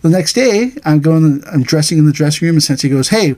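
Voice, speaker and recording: A man's voice: a little high, lively intonation, a little fast, darkish tone. A middle-aged man, an aikido teacher, telling stories in casual chat, acting out quoted voices and laughing along.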